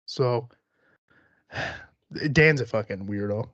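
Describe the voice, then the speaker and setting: A man's voice: mid-range voice, very slow, a bit bright, no room sound, lo-fi sound. A man hosting a podcast in casual chat, rambling and swearing freely, laughing often. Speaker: podcast host.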